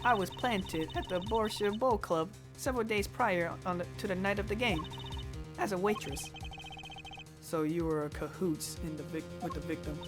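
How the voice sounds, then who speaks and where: A woman's voice: on the low side, moderate pace, over music, lightly acted. A woman voicing a brash, confident con-artist card dealer with a put-on New York accent.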